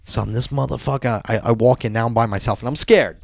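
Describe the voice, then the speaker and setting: A man telling a profane, animated story in casual chat. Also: medium pitch, fast talker, vocal fry, dry recording, studio quality.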